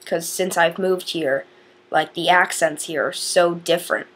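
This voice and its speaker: A woman's voice: fairly low pitch, fairly even intonation, a little slow, a bit bright, husky. A teenage girl from northern Indiana chatting to camera in a rambling, casual way with lots of fillers. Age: teens. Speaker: vlogger.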